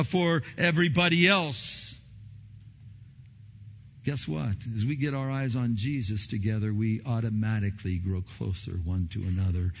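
Emphatic preacher in an echoing hall. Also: male voice, fairly low pitch, slightly rough. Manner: emphatic preaching, repeats words, swings loud and soft. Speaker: pastor. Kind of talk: sermon. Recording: long hall reverb, dull lo-fi sound.

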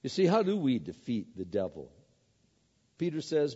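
With a mid-range, dark and slightly breathy voice, a pastor preaches in a sing-song manner at a moderate pace. He is emphatic, repeats words, and answers his own rhetorical questions. The dull, lo-fi recording echoes as though in a hall.

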